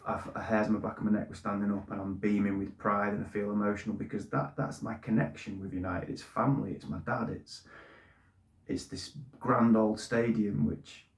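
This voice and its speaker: Man, middle-aged, low pitch, repeats words, casual monologue, roomy echo. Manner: plain-spoken, repeats words when emotional. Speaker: football fan channel host. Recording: echoey room.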